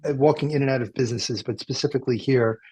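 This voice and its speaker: A man's voice: mid-range voice, fast talker, darkish tone, slightly rough. A man hosting a radio talk show from a car dealership, rambling and joking with plenty of fillers and restarts. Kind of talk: casual chat.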